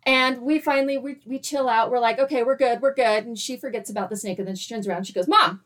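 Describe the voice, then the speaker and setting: A woman in her thirties tells a story in casual chat. Her voice sits fairly high. She stays animated, laughs often and acts out her own quoted lines. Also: fast. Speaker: guest storyteller.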